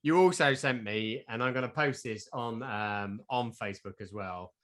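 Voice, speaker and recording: A man's voice: medium pitch, moderate pace, fairly bright tone. A man from southern England, co-hosting a casual comic chat, rambling playfully. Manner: rambling, playful, sings silly jingles. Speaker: podcast co-host.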